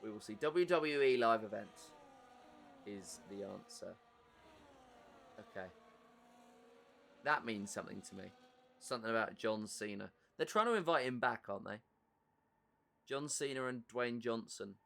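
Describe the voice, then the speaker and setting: A man's voice: on the low side, animated, unhurried, creaky, pauses often, fairly bright tone, a little hiss or hum. A man with an English accent giving live commentary on an online racing league, chatty and answering viewer messages between race updates.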